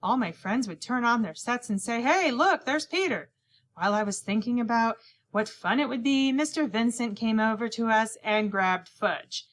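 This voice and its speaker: In a fairly high voice at normal speed, a woman reads a children's novel aloud as an audiobook narrator. Her scripted narration speaks for a young boy in the first person, and she performs the other characters' lines as well.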